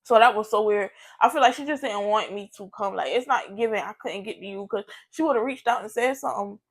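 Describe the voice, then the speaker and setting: A young adult woman vlogger telling a story in a casual, animated way, full of profanity and chatty asides. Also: mid-range voice, brisk, husky.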